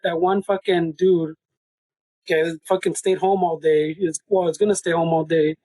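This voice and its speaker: Husky high-voiced Chicano man. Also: fairly even intonation, moderate pace, dark tone, no room sound, poor audio. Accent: Chicano English. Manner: profane, laughing storytelling; mixes Spanish and English. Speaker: podcast co-host. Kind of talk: casual conversation. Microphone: video call.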